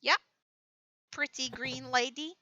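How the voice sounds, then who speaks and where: Woman voicing an eager little girl, high voice, lively, very bright, dull dry sound. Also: takes it slowly, no echo, full character voice. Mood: eager cheerful. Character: young girl, eager and cheerful.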